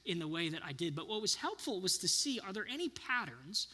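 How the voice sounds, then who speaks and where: A man's voice: sits high, big pitch swings, brisk, bright, forceful tone, big-room sound. A man in his thirties giving an earnest sermon, often putting questions to his listeners. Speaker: pastor.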